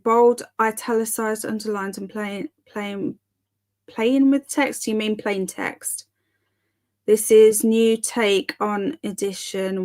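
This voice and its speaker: A young woman hosting a live stream, chatting casually and reading viewer comments aloud in a giggly, bemused way. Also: mid-range voice. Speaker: livestream host.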